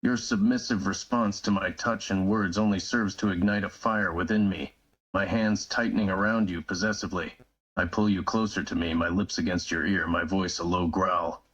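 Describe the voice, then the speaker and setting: A man playing a deep, husky brooding mercenary. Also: fairly even intonation, a bit bright, lo-fi sound. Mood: low seductive.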